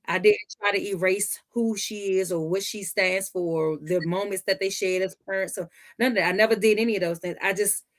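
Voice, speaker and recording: Woman, lively storyteller, medium pitch, acts out voices. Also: brisk, few pauses. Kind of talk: casual storytelling.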